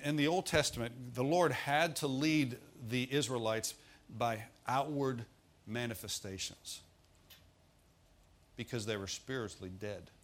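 A man's voice: mid-range voice, a bit bright. A man preaching a sermon in a folksy, humorous way, with asides to the congregation.

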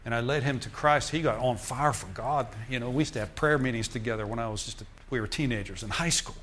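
An older man preaching in a church, telling a personal story to the congregation in lively storytelling fashion with chuckles. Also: medium pitch, quick pace, slight background noise. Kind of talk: sermon testimony.

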